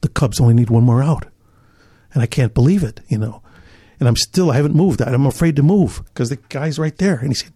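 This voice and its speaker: Older man, from Chicago, podcast guest, gravelly, husky, storytelling, acts out other people's lines. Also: medium pitch, animated, a little fast, dark tone, no room sound, clean studio sound. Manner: acts out other people's lines, repeats himself, laughs as he talks. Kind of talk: animated storytelling.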